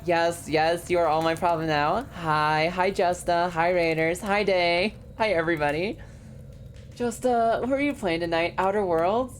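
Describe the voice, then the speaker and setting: A woman streamer chatting casually and excitably while gaming, laughing often and swearing freely. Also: on the low side, unhurried, slight background noise.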